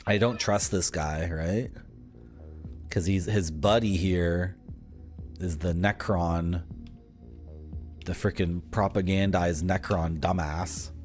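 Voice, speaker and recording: Fields: Sex: man. Role: streamer. Style: casual gameplay commentary. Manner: animated, mildly profane musings. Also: low voice, takes it slowly, long pauses, faint music behind.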